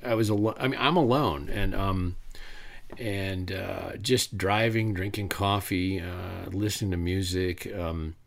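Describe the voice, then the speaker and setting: Brief: middle-aged man, low voice, rambling anecdotal storyteller at a talk, lots of restarts. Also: a little slow, gravelly. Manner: rambling, many restarts and fillers, animated retelling. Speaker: author giving a talk.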